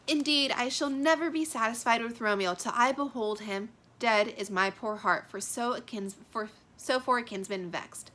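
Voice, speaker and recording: A woman's voice: fairly high pitch, normal speed, few pauses, bright, forceful tone. A woman reading the part of Juliet, a young lovesick girl, with heightened, emphatic verse delivery. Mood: guarded. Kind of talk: dramatic reading of a play.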